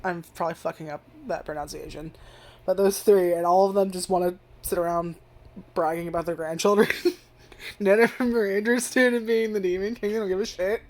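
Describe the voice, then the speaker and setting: A woman's voice: fairly low pitch, fairly even intonation, fairly quick, darkish tone. Rambling, foul-mouthed young woman reviewer. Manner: rambling and profane, heavy use of filler "like". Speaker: anime reviewer. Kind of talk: casual ranty review.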